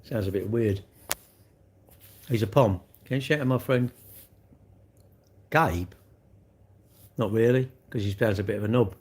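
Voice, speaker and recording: A man's voice: lowish voice, measured pace, pauses often, a little mellow. Older man teasing his chat. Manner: blunt, teasing banter with chat. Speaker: livestreamer. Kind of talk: casual live-stream chat.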